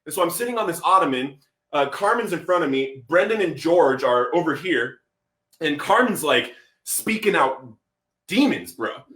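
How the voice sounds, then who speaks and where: A man telling his life story as a podcast guest, animated, acting out quotes and saying "bro" a lot. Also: on the high side, normal speed, echoey room. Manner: animated, acts out quotes, says "bro" often. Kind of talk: storytelling testimony.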